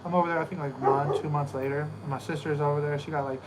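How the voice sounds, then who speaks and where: A man co-hosting a podcast on a porch, telling stories in a casual, animated way, with frequent laughs and "you know what I mean.". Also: a little high, racing. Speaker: podcast co-host. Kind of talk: casual porch chat, storytelling. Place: outdoor porch. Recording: outdoor recording with clear background noise.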